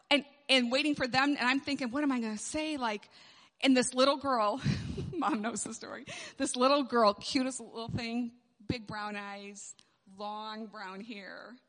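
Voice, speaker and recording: A woman giving an animated storytelling sermon to a group of moms, laughing often as she speaks. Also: fairly high pitch. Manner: animated, laughs often while telling stories. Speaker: speaker at a moms' gathering. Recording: long hall reverb.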